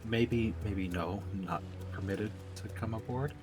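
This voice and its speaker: A man's voice: fairly low pitch, slow pace, a little mellow, soft background music. A man playing in a tabletop role-playing game, talking in a hesitant way and often repeating words. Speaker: player. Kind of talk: casual tabletop game chat.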